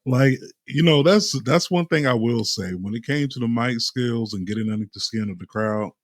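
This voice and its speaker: A man's voice: medium pitch, normal speed, no echo, studio quality. A man co-hosting a podcast, laid-back slangy banter with frequent laughs. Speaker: podcast co-host. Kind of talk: casual chat.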